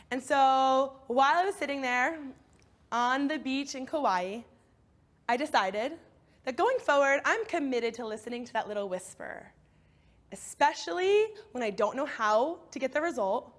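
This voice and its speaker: A woman giving a motivational talk, telling a personal story in an expressive, animated way. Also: high-pitched, unhurried. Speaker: speaker.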